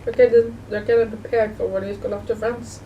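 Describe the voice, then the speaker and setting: A woman vlogger talks casually to the camera in a slightly high, flat, fast voice, rambling and repeating herself with many restarts. It's casual home video talk, recorded from a distance, with dull audio and faint background noise.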